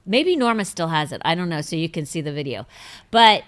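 A middle-aged woman hosting a casual chat show, rambling through self-mocking stories. Her voice is bright and lively, jumping up and down in pitch. She breaks into high laughing fits. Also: fairly quick. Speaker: host.

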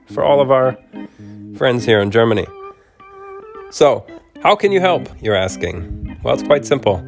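Podcast host with a cold, slow and relaxed, home studio, faint music behind. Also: male voice, medium pitch. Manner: relaxed, with fillers and soft laughs. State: has a cold. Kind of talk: casual appeal and storybook narration.

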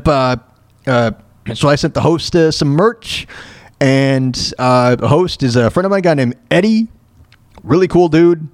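A man hosting his own podcast, talking casually in a halting way with many fillers and restarts. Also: mid-range voice. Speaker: podcast host. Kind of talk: casual solo podcast talk.

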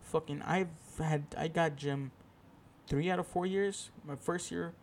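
A man's voice: on the high side, fairly even intonation, unhurried, slight background noise. A young man hosting his own podcast, telling a rambling, profane, self-deprecating story in a casual solo chat. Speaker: podcast host.

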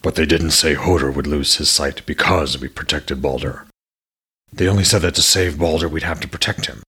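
A man's voice: extremely low pitch, normal speed, bright, forceful tone, breathy edge, pitched below the performer's own voice, heavily acted. A man voicing a troubled male king of the gods, speaking grimly and shaken in a storybook reading. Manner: grim, shaken.

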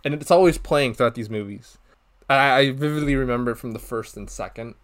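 This young podcast co-host speaks fairly quickly in a mid-range voice, chatting loosely about a movie. Animated throughout, he acts out quotes from it with laughs.

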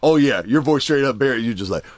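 A man's voice: mid-range voice, fast talker, a little hiss or hum. A man telling a story in casual chat, laughing often and acting out the voices of the people in it. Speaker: podcast co-host telling a story.

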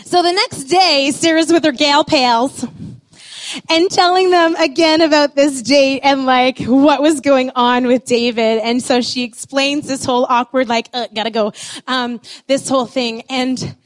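A lively woman storyteller with a high, bright-sounding pitch who lingers over her words. She swings between hushed moments and excited bursts. The recording is dry and close. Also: unhurried, no room sound. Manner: animated, expressive, playful, with many "like" fillers. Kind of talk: storytelling talk.

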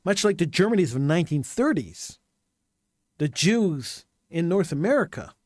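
A man's voice: on the high side, a little mellow, dry recording, studio quality. A man delivering an impassioned monologue commentary, hammering points home with repeated rhetorical questions.

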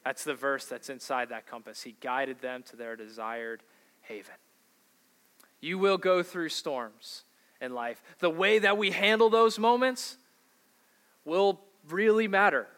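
Brief: man, pastor, conversational sermon, slow and bright. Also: on the high side. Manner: conversational preaching, asks the congregation questions.

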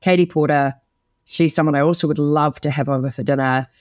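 A woman's voice: deep voice, fairly even intonation, brisk, a little mellow, no room sound, clean studio sound. A woman co-hosting a podcast, chatting enthusiastically and rambling with plenty of fillers. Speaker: podcast co-host. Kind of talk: casual chat.

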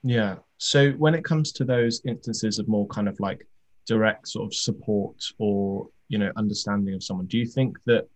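A man's voice: fairly low pitch, moderate pace. A man hosting a podcast, asking interview questions hesitantly with many fillers. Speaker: podcast host.

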